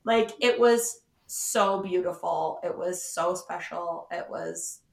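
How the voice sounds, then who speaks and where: Speaking slowly in a low, creaky voice, a woman co-host on a podcast relates a story in casual conversation, bringing it to life by acting out people's words. The room gives the recording a noticeable echo.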